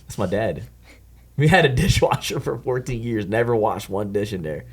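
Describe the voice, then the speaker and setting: A man's voice: lowish voice, expressive, normal speed, slight background noise. A young man chatting casually in a group, telling laid-back, slangy stories. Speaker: student or staff member.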